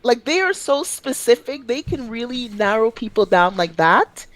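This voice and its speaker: A woman from Quebec chatting on a podcast, telling animated stories with sudden high-pitched outbursts and swearing freely. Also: moderate pace, dry recording, poor audio. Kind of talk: casual chat.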